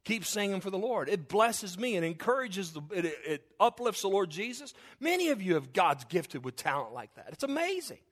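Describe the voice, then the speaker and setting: A man preaching a sermon to his congregation, emphatic and repetitive, swinging between intense build-ups and quiet, low passages. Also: big pitch swings, normal speed, hardly any pauses. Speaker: pastor.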